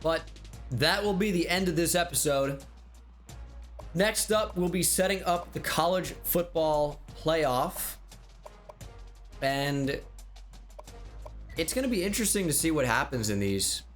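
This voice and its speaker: A man giving casual video game commentary, rattling off stats in a quick, offhand way. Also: a little high, animated, fairly bright tone, soft background music. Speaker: gaming YouTuber.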